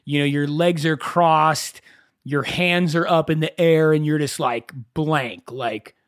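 A man with a somewhat high voice hosts a solo podcast. He talks casually and tells stories with animation, often poking fun at himself. The sound is dry and close. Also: takes it slowly, smooth, no echo. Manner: conversational, animated storytelling with self-mocking asides. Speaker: podcast host.

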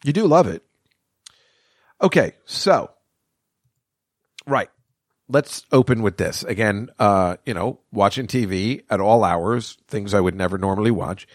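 A man's voice: lowish voice, a little slow, dry recording. A middle-aged man hosts a solo podcast in a loose, rambling way. He swears freely and chuckles at his own bits. The recording is close and dry, with no room sound. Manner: rambling, profane, laughing at his own jokes. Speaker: podcast host. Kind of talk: casual rambling monologue.

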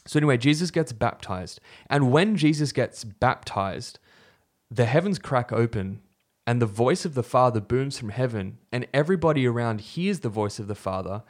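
Relaxed man telling a faith story. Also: medium pitch, moderate pace. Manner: relaxed and storytelling, with fillers and self-corrections. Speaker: podcast co-host. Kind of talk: conversational faith podcast teaching.

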